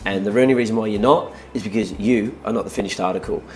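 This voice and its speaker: Blunt Australian man, low voice. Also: quick pace, a little hiss or hum, rough recording. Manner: blunt, emphatic, acts out his own lines loudly. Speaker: guest, real estate business owner. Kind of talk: casual storytelling.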